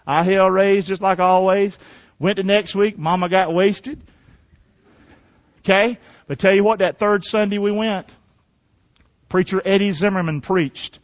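A man's voice: sits high, steady tone, unhurried, long pauses. A male pastor preaching a sermon and telling his own testimony, emphatic and asking the congregation questions. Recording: dull sound in a reverberant hall.

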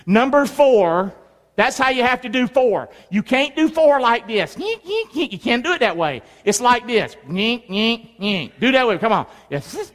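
A man's voice: very high-pitched, sing-song, unhurried. A middle-aged male pastor preaching a sermon, leading the crowd in call-and-response and hand signs. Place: church sanctuary. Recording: long reverb in a large hall.

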